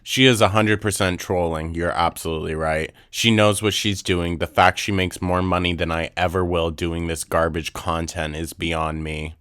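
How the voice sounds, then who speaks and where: A young man in his twenties delivers snarky reaction commentary, blunt and freely swearing. His voice sits very low and comes across smooth and resonant, recorded close and dry. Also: steady tone, normal speed, few pauses, a bit bright, no room sound. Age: 20s. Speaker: commentary channel host.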